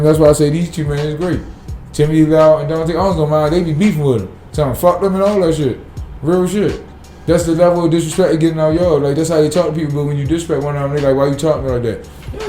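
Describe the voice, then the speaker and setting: A man's voice: on the high side, mellow, reverberant. A man, a city sanitation worker talking bluntly and profanely in a casual podcast interview.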